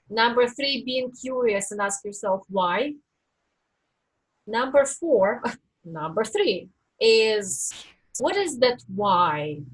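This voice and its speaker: A woman life coach giving a live-stream coaching talk, teaching in a slow, deliberate way with reflective pauses. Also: fairly high pitch, fairly bright tone, slightly rough, low-quality recording.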